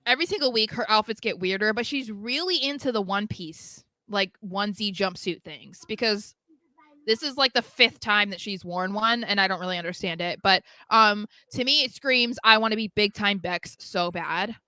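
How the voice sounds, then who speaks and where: A woman's voice: mid-range voice, moderate pace, bright, forceful tone, no echo. A young woman co-hosting a podcast, chatting casually about wrestling, full of fillers and acting out what people said. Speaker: podcast co-host. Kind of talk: casual wrestling recap chat.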